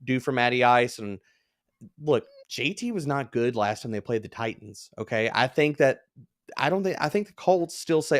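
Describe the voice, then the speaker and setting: A man with a Southern US accent, an analyst on a live show, giving quick, decisive picks with folksy phrasing. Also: medium pitch, expressive. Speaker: fantasy football analyst. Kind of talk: live Q&A chat.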